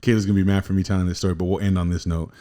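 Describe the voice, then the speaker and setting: A man's voice: sits low, level tone, racing, warm tone. A man hosting a casual podcast chat, rambling and profane as he tells stories. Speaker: podcast host.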